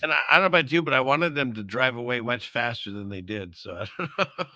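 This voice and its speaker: A man's voice: medium pitch, lively intonation, fast talker, bright, forceful tone, no room sound, muffled recording. A man hosting his own show, rambling through casual commentary with many fillers and restarts. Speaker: show host.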